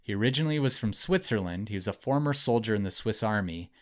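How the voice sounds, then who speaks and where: A man's voice: lowish voice, animated, fast talker, fairly bright tone. A man hosting a podcast, telling a true story to friends in a chatty way, with lots of "like" and "um". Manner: chatty, hedging with frequent "like" and "um". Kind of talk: casual storytelling narration.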